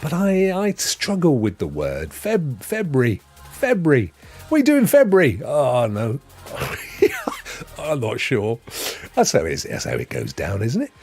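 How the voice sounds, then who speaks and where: A man's voice: mid-range voice, wildly swooping pitch, measured pace, a little mellow, breathy edge, faint music behind. A man hosting a live gaming stream, chatting casually and jokily and greeting viewers by name. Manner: jokey, rambling, greets chat viewers by name.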